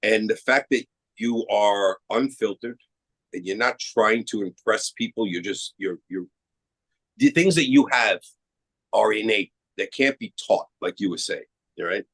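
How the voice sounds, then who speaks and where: Speaking a little slowly in a lowish, slightly rough voice, a middle-aged man from Queens, New York, talks casually as an actor guest on a podcast. He animates his anecdotes by acting out the dialogue, though the audio quality is poor.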